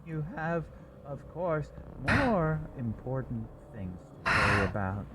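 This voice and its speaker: Guy voicing a chilly businessman, slow and detached, swoopy voice over music. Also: medium pitch, sing-song, very noisy, voice pushed up. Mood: cold, aloof. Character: cold, mysterious male businessman who refuses help.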